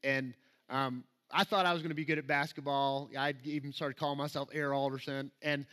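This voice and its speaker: A man's voice: medium pitch, flat delivery, a little fast, a bit bright. A man from Alabama with a Southern accent, preaching a conversational sermon in a church and reading scripture with rising emphasis. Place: church sanctuary.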